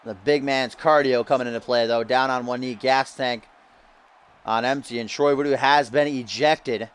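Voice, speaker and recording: A man giving lively play-by-play commentary on a video game wrestling match, getting loud at big moments. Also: mid-range voice, normal speed, clean tone. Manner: excitable, shouts at big moments.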